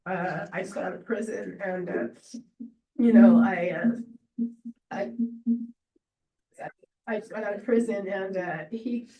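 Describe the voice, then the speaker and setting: A woman giving an unscripted memorial tribute to a friend, halting and rambling with many fillers and restarts. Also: mid-range voice, fairly even intonation, mellow. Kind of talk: emotional unscripted memorial speech. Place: memorial gathering room. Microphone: distant laptop or room mic on a video call. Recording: roomy, distant video-call audio.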